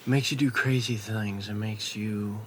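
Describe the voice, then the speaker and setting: A young man vlogging in a late-night ramble at home, swearing casually and drifting into soft half-whispers. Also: on the low side, steady tone, normal speed, a little hiss or hum.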